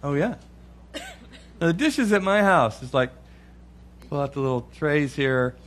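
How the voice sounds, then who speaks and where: A middle-aged man telling a funny family story in an animated, chuckling way. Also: fairly high pitch, a little slow. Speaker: speaker. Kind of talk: humorous storytelling talk.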